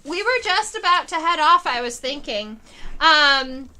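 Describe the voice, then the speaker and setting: Bright-voiced woman chatting on a stream. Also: unhurried. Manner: chatty storytelling with fillers; animated, pitch rising on exciting parts. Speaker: entomologist streamer. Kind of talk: casual livestream chat. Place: home living room.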